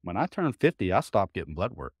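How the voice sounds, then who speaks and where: A folksy man in his fifties tells his story to an interviewer, slipping into little voices when he quotes people and repeating words as he searches for them. His voice sits fairly low. The sound is close and dry, with no room around it. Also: fairly quick, breathy edge, no room sound. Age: 50s. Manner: animated storyteller acting out quoted dialogue. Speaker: interview guest.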